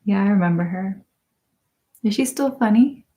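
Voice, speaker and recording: Talking at normal speed in a mid-range voice, a woman hosting an ASMR livestream chats casually with her audience. Her delivery is soft-spoken, frequently drifting into whispers, with plenty of laughter.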